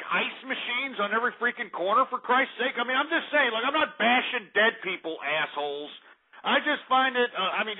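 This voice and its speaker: A man hosts a call-in radio show and rants at his listeners, exasperated and profane, circling back on the same complaints. His voice sits high and sounds breathy and rough. The audio is narrow and tinny, like a phone line. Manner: profane, exasperated ranting with repeated fillers. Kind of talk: ranting talk radio monologue.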